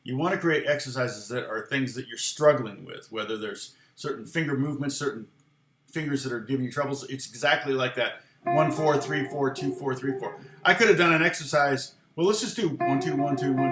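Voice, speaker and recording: An American man giving a casual guitar lesson, rambling and answering viewers' comments as he goes. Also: medium pitch. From United States. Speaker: guitar teacher. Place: home studio. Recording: echoey room with guitar playing.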